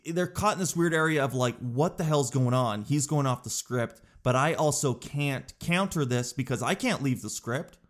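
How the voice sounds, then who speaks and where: A man in his thirties talks at a middle pitch in a loose, rambling podcast monologue. He tells his stories in an animated way, drifting from one thought to the next and dropping in "dude". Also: normal speed, few pauses.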